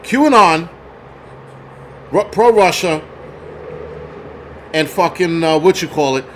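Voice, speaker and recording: A host with a slightly high, expressive voice rants angrily and profanely at his viewers during a livestream, shouting at the chat while taking it slowly. There's a little hiss or hum.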